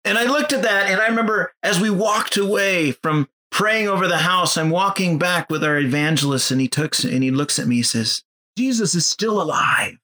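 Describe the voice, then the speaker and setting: Bright, high-voiced man telling a testimony. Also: moderate pace. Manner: animated, acts out quoted voices. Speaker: missionary. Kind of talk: storytelling testimony.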